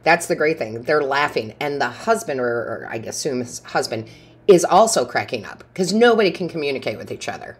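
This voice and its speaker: Low-voiced chatty woman reading tarot. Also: expressive, brisk, husky. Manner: chatty storyteller, laughs often. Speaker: tarot reader. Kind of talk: casual tarot reading monologue.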